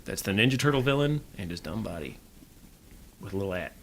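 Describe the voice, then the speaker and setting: A man's voice: on the low side, lively intonation, quick pace, creaky, slight background noise. A man co-hosting a podcast, telling stories in casual joking banter and laughing often. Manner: laughs often, chatty storytelling. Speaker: podcast co-host.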